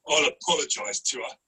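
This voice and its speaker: A woman voicing an aggressive young male train passenger in an online script reading, sneering and confrontational. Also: sits low. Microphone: video call mic. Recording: distant mic with loud background noise.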